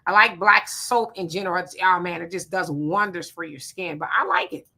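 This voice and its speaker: A woman hosting a casual livestream, reading viewer comments aloud and giving quick, relaxed replies. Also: fairly low pitch. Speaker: livestream host.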